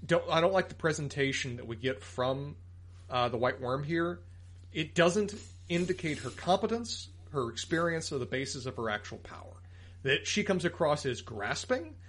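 A man's voice: fairly high pitch, expressive, normal speed, a bit bright. A man co-hosting a podcast, working methodically through his complaints about an episode point by point. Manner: methodical, lists points, critical. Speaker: podcast co-host. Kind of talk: casual review chat, critique.

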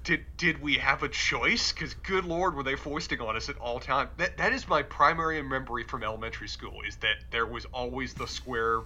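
A man's voice: medium pitch, normal speed, few pauses, pushed and bright, dull audio. A man from the American South with a mild Southern accent, co-hosting a casual podcast and thinking aloud with frequent restarts. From Charlotte, North Carolina. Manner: thoughtful, stammering restarts. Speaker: podcast co-host. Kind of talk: casual recap chat.

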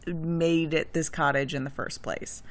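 A woman's voice: low voice, fairly even intonation, a little slow. A woman co-hosting a book podcast, chatting casually and checking details with her co-hosts. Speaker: podcast co-host.

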